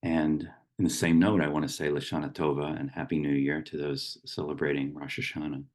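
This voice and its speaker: A middle-aged man giving a gentle, unhurried reflective talk as a meditation teacher, with small restarts. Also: extremely low pitch, little pitch movement.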